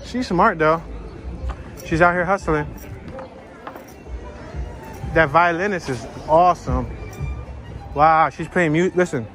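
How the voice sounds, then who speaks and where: A man's voice: a little high, slow pace, pauses often, fairly bright tone, faint music behind, a faint crowd. Chatty Philly man on a street walk. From North Philadelphia. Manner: chatty, joking, drifts between topics. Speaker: walking tour vlogger. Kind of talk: casual chat while walking. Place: outdoors on a city street.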